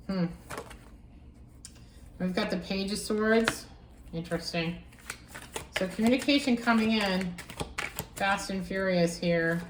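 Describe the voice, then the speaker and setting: Animated woman reading tarot cards. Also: medium pitch, distant mic, slight background noise. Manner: animated, musing aloud, repeats phrases. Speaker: tarot reader. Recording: echoey room, voice from off-mic.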